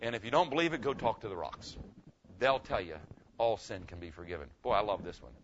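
A man's voice: on the low side, expressive, a little fast, slight background noise. A man preaching a sermon as pastor, emphatic, putting questions to his congregation. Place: room with a congregation. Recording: dull lo-fi recording.

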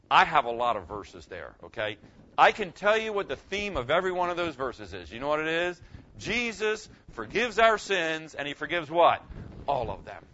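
A man's voice: medium pitch, bright, forceful tone. A man preaching a sermon as pastor, emphatic, putting questions to his congregation. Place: room with a congregation. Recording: dull lo-fi recording.

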